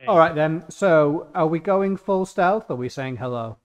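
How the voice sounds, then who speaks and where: Guy at a tabletop game, rambly and jokey, thinking out loud. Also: on the high side, lively intonation, moderate pace, smooth. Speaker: player. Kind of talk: casual tabletop play.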